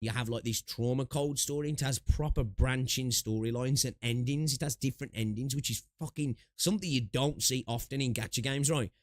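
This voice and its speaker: A man's voice: mid-range voice, brisk, few pauses, dry recording. A young man chatting casually on a gaming livestream, rambling with lots of fillers and asides, through a close desk mic with noise suppression. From United Kingdom.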